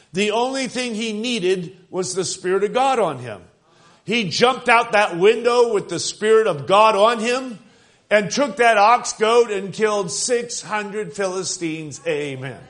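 A man's voice: high-pitched, lively intonation, a little slow, fairly bright tone. An older man preaching a revival sermon, swelling with fervor and acting out quoted voices.

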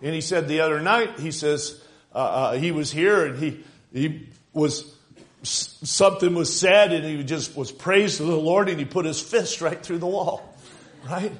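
A man preaching a fervent sermon, retelling stories and building to loud exclamations. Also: fairly high pitch, unhurried. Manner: fervent, rising to shouts, quoting and laughing.

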